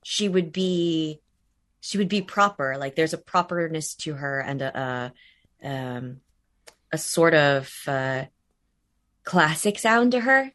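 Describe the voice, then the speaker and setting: A woman's voice: low voice, expressive, takes it slowly, a bit bright. A woman voice actor talking casually in an interview, rambling with many fillers and restarts, laughing easily. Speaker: voice actor guest.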